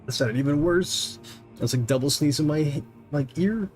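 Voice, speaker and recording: A man's voice: fairly high pitch, moderate pace, over music. A man streaming a game, rambling and mocking himself as he mutters through settings and chats. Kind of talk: casual gaming livestream chatter. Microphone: desk mic with headphones monitoring.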